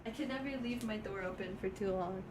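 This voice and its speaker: A woman's voice: medium pitch, fairly quick, very noisy. A young woman streaming, chatting casually and rambling with frequent laughs. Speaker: VTuber streamer.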